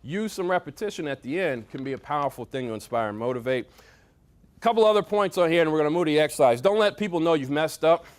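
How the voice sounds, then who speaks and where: A fairly high-voiced man delivers a lively motivational talk to a roomful of people. He coaches his listeners with sports analogies and repetition, swinging from quiet asides to loud, punchy calls to action. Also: quick pace. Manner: lively, coaching, varies loudness for emphasis. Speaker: speaker at a leadership workshop. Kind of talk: motivational talk to a live audience. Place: meeting room with audience.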